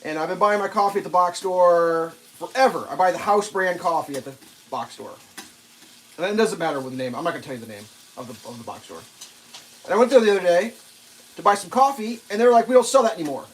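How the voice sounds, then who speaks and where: A man's voice: sits high, lively intonation, brisk, a little hiss or hum. Chatty man cooking breakfast on a livestream. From central United States. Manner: rambling, chatty, talks to viewers and his dog. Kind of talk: casual live-stream chat while cooking. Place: home kitchen.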